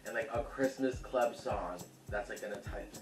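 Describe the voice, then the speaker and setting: A man's voice: fairly low pitch, normal speed, reverberant, recorded from a distance, soft background music. A man hosting a casual cooking vlog, chatty and sassy, who calls viewers honey and laughs easily.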